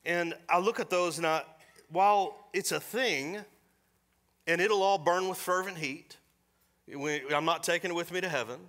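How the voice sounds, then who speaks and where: A middle-aged man preaching a sermon in a church, folksy and storytelling, slipping into quick voiced asides. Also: high-pitched, a bit bright. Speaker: pastor. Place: church sanctuary.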